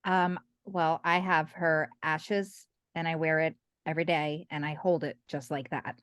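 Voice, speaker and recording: A woman in the audience getting a reading, mostly giving soft, brief answers. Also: low voice, fairly even intonation, a little slow, smooth, no echo. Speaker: audience member receiving a reading.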